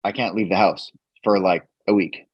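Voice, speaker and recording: Low-voiced man telling his recovery story. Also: steady tone, slightly rough, no echo. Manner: earnest, halting, repeats words when emotional. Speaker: podcast guest. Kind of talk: candid personal storytelling. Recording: dull, dry podcast mic.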